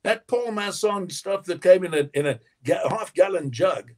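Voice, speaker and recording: A man, a winemaker guest in an interview, telling lively anecdotes and acting out quotes with frequent laughter. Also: sits high, normal speed. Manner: animated storyteller, acts out quotes, laughs often.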